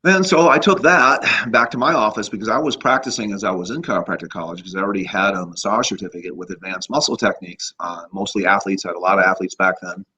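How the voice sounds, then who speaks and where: A man in his fifties, a chiropractor guest, telling casual stories in an animated way with frequent laughs. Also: on the low side, fast talker, few pauses, husky. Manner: animated anecdotes, laughs often, acts out voices. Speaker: guest, chiropractor and energy healer. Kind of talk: casual storytelling. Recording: slightly muffled lo-fi audio.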